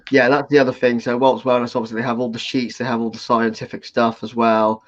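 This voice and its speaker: A man from the United Kingdom chatting on a livestream video call, energetic and quick to banter. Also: medium pitch. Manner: energetic, plugging, laughing banter. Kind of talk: casual livestream chat. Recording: dull lo-fi call audio.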